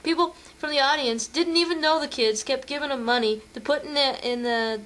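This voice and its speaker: A woman's voice: high voice, a little fast, a bit bright. A woman narrating family vacation photos in a chatty storytelling way, with fillers and restarts. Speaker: home video narrator.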